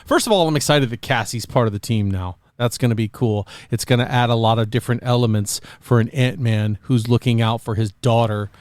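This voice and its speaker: Joking podcast host man, smooth voice. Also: mid-range voice, brisk, few pauses, a little mellow, no echo. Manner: rambling, jokey, plays out quotes in silly voices. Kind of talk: casual chat.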